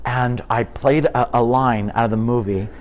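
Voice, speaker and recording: A man in his fifties, a comedian chatting in an interview, telling animated stories and slipping into impressions. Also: mid-range voice, moderate pace. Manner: animated storyteller, drops into impressions. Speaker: comedian guest. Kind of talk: casual interview chat.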